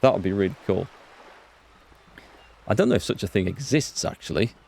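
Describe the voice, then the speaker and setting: Brief: a hoarse, chatty game streamer with a low-ish voice, rambling asides. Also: male voice, animated, normal speed, a little mellow. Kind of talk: casual let's play commentary.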